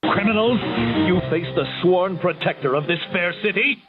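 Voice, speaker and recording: An actor playing a bombastic heroic male superhero in a cartoon, with a grandiose, proclaiming delivery, heard in a dull cartoon clip over loud music. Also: high voice, normal speed, close to an everyday voice. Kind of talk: cartoon voice acting.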